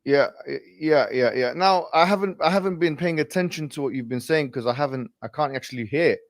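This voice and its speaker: A man with a somewhat high voice talks fast on a dry, close recording. He is firm and repetitive, pressing everyone to calm down during a heated podcast. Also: no room sound. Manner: repetitive, firm, calming others down. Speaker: podcast co-host.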